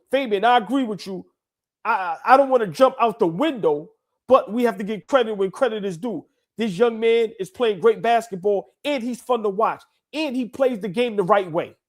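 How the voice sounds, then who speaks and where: A man co-hosting a casual basketball talk show, emphatic and repetitive, his voice stuffy from congested sinuses. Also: high-pitched. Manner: emphatic, repeats himself, calls sinuses bad. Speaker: co-host.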